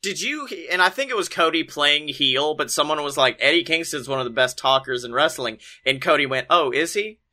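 A man co-hosting a casual podcast chat, excitable and swearing freely, acting out quotes with loud outbursts. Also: a little high, brisk, hardly any pauses. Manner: excitable, swears a lot, acts out quotes with big shouts. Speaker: podcast co-host. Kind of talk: casual chat about wrestling.

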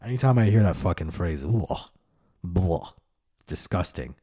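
A man rants on his own podcast in a deep, mellow voice, cursing freely and mimicking people he can't stand. His delivery is sardonic and loose. The sound is close and dry, with no room behind it. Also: lively intonation, unhurried, breathy edge, no echo. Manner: profane, sardonic, mocking voices of others. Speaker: podcast host. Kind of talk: solo comedic rant.

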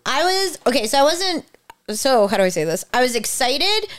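A woman co-hosts a relaxed podcast, chatting easily and laughing often. Her voice is clear and smooth, sitting slightly high. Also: moderate pace. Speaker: podcast co-host. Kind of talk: casual chat.

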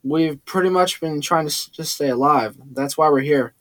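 Gruff blunt young man, by a male reader, fairly high for a man. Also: normal speed, no echo, lightly acted. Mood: guarded. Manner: gruff and forceful.

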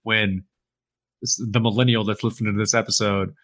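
A man's voice: fairly low pitch, fairly even intonation, brisk, fairly bright tone. A man co-hosting a podcast, chiming in with reactions and laughing in casual chat. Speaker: podcast co-host.

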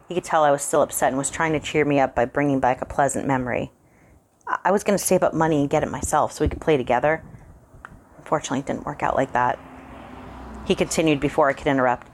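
A woman reading a spooky short story aloud, calmly narrating in the first person. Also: deep voice, quick pace, a little hiss or hum.

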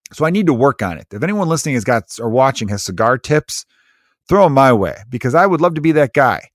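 A man's voice: mid-range voice, big pitch swings, quick pace, no echo, clean studio sound. Profane, rambling man in his thirties. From United States. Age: 30s. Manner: rambling, profane, sarcastic storytelling. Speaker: podcast host. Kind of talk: casual comedic monologue.

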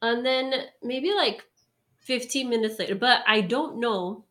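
A woman's voice: fairly high pitch, measured pace, pushed and bright. A woman telling a story in casual chat, rambling with lots of fillers and laughs. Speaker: storyteller guest.

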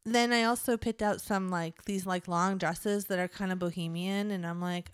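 A woman's voice: medium pitch, a little fast, clear, resonant tone, no echo, clean studio sound. A woman in her forties co-hosting a podcast, chatting casually and poking fun at herself with frequent laughter. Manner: chatty, self-mocking, laughs often. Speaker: podcast co-host. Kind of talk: casual chat.

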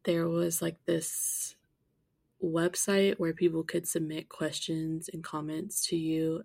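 Young woman podcaster, gravelly and flat-toned, candid storyteller. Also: deep voice. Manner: candid, blunt, laughs often. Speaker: podcast host. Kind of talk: personal storytelling.

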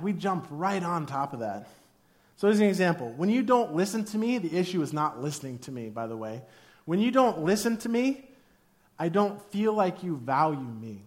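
Male pastor, 30s, high and very lively voice, casual, joking sermon delivery. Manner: animated, jokey, acts out quoted arguments in a raised voice.

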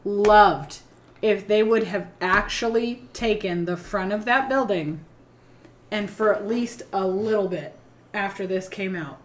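A woman co-hosting a casual movie review podcast, animated and swearing casually. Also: medium pitch, measured pace. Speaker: podcast co-host.

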